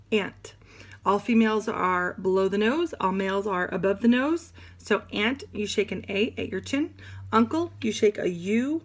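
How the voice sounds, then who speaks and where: A woman teaching sign language vocabulary in an animated, demonstrative way, with playful asides. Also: medium pitch. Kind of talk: classroom lesson.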